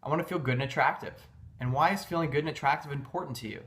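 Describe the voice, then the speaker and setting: A man reading as a brisk, probing male coach. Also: on the high side, fairly bright tone, lightly acted.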